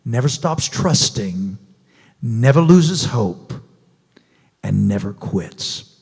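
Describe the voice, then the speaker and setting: A male pastor preaching with a gravelly, husky voice. He drives his point home with pointed rhetorical questions. The sound carries a long reverb from the church hall. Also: mid-range voice, sing-song, slow, a little mellow. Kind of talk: sermon. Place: church sanctuary.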